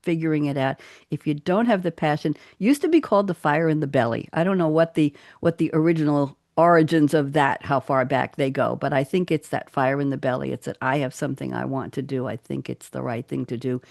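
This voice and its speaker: Chatty woman host with gravelly voice. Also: low-pitched, brisk, a little mellow, no echo, studio quality. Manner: chatty and upbeat. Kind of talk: live show hosting chat. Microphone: studio microphone.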